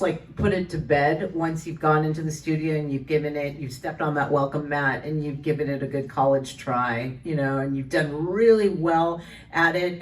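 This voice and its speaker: A woman voice actor answering fan questions at a convention panel, chatty and full of restarts. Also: low voice. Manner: chatty storyteller, many restarts and fillers. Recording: voice from far off the mic.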